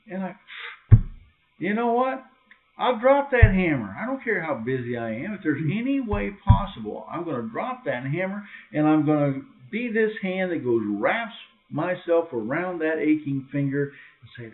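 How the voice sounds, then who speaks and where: A man preaching an informal sermon to a small group, acting out quoted voices with sudden high, loud cries. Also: very animated, moderate pace. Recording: tinny, phone-like lo-fi recording.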